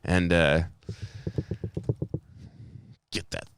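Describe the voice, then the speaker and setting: A man's voice: sits low, flat delivery, drawn-out words, a bit bright, slight background noise. A man in his twenties co-hosting a podcast, telling a long rambling story in casual chat and swearing a lot. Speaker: podcast co-host.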